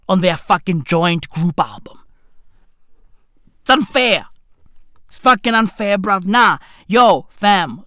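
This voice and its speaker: A woman, ranting comically in loud, profane, exclamatory slang. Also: medium pitch, no room sound, studio quality. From South Africa. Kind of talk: comic rant.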